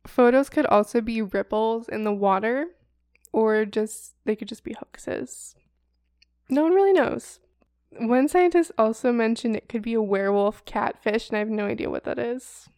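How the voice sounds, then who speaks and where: Giggly woman co-host, smooth gravelly voice. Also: fairly high pitch, normal speed, a little mellow, dry recording, clean studio sound. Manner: giggly, laughs between lines. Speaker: podcast co-host. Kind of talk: casual chat, reading reviews aloud.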